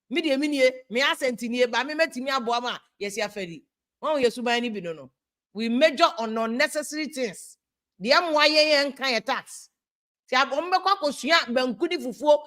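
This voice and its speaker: A Ghanaian woman hosts a casual live stream and reads out viewer comments. Her voice sits a little high. She talks in an animated, exasperated way and slides between English and Twi mid-sentence.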